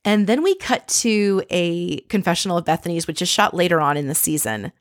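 Female podcast host, slightly low voice, chatty and sarcastic, dead-dry recording. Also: lively intonation, a little fast, no room sound. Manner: wry, sarcastic asides. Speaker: podcast host recapping a reality show. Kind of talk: casual chatty recap.

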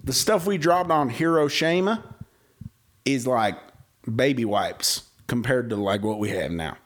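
A man's voice: medium pitch, expressive. A man co-hosting a casual podcast, unhurriedly spinning theories in easygoing, slangy talk. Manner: drawn-out, speculative storytelling with Southern slang. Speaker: podcast co-host. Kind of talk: casual chat.

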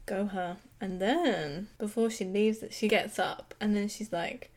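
A woman's voice: mid-range voice, measured pace, hardly any pauses. A woman co-hosting a podcast, recapping a TV episode in casual, sarcastic chat with plenty of swearing and laughter. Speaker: podcast co-host.

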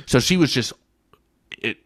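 A man hosting a podcast, retelling a film's plot in a casual, animated way, with swearing and mock quotes. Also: measured pace, dry recording, clean studio sound. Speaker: podcast host. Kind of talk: casual film review chat.

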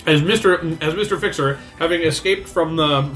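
A man's voice: on the high side, moderate pace, a bit bright, soft background music. A man running a tabletop card game, narrating the action cinematically and laughing often. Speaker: game master.

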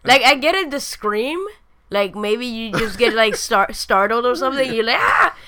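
A woman's voice: fairly high pitch, moderate pace, sharp tone. A woman co-hosting a casual podcast, laughing often and swearing as she acts out bits of stories. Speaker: podcast co-host.

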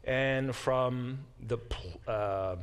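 A man's voice: mid-range voice, drawn-out words, clear, resonant tone. Man teaching a Bible class. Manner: explanatory, digressive, self-correcting; reads verses aloud with emphatic, lifted delivery. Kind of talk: lecture.

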